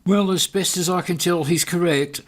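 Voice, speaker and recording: A man's voice: sits high, steady tone, moderate pace, slight background noise. A man giving sarcastic, mocking commentary over video footage. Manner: sardonic, mocking.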